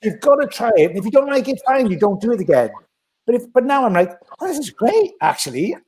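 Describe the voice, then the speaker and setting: A man's voice: high-pitched, fast, husky. A man talking bluntly and energetically in a casual podcast chat. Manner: blunt, animated, acts out quoted voices.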